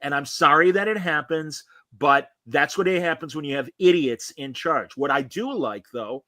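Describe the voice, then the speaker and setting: A man's voice: fairly high pitch, moderate pace, bright, forceful tone, no echo. A man hosting a podcast, chatting in a casual, opinionated and rambling way over a video call, full of fillers. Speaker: podcast host. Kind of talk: casual review chat.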